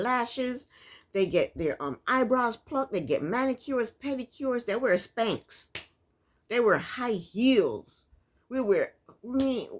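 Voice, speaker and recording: A woman recapping a reality show for her viewers, speaking in a casual and opinionated way. Her pitch moves a lot and her delivery is animated, as she often talks straight to the audience. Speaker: TV recap vlogger.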